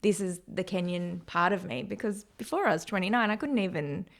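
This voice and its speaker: A woman's voice: on the low side, a little fast, vocal fry. An Australian woman in her thirties, a podcast guest talking candidly and laughing often. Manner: candid, laughs often, acts out quoted voices. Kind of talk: casual podcast interview.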